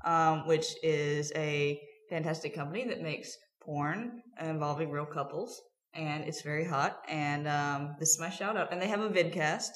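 A woman's voice: deep voice, fairly even intonation, moderate pace, reverberant. A woman co-hosting a podcast, chatty and playful, teasing the others in casual banter. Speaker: podcast co-host.

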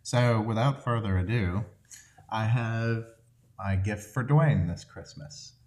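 A man with a low voice co-hosting a podcast. He chats casually and loosely, with a self-deprecating, chuckling manner. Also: slow pace, darkish tone. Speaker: podcast co-host. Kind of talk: casual chat.

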